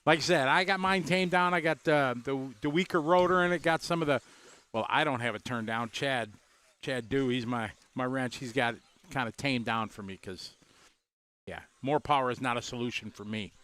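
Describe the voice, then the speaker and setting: Friendly male race commentator, smooth clear voice, relaxed chatter with viewers. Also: medium pitch, moderate pace. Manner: chatty, greets viewers, laughs easily. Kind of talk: casual live stream commentary.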